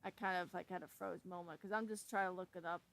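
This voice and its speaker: A woman hosting a casual storytelling video, halting and stumbling as she reads her notes aloud. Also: on the low side, fairly even intonation, creaky, fairly bright tone, a little hiss or hum, rough recording. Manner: many fillers and restarts. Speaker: storytelling channel host. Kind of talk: casual spoken intro to a scary story.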